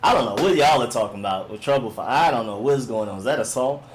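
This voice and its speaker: A man's voice: medium pitch, animated, fast talker. A man hosting a casual sports live stream, rambling in a slangy, laid-back way as he reads and answers viewer comments. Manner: laid-back, rambling, slangy, often says "you know what I'm saying".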